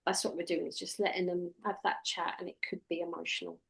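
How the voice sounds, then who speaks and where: A woman's voice: lowish voice, level tone, fast talker, vocal fry, slightly rough. A woman, a hypnotherapy trainer teaching one-to-one in a direct, practical way and quoting what she tells clients in a soothing voice.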